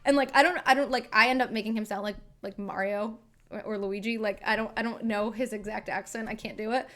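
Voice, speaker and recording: A woman's voice: medium pitch, steady tone, a little fast, fairly bright tone. A young woman, a singer, chatting casually on a live stream into a desk microphone, rambling with lots of filler words.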